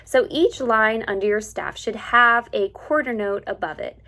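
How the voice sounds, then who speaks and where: A woman's voice: on the high side, pushed and bright. Woman music teacher explaining step by step. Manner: patient, explains step by step, sings syllables slowly. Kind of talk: instructional lesson to students.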